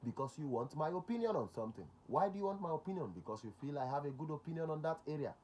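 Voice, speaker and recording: A man's voice: a little high, animated, fast, a little mellow. A man with a Nigerian accent, a security consultant hosting a talk show. He speaks emphatically, repeats his key points and slips into Pidgin.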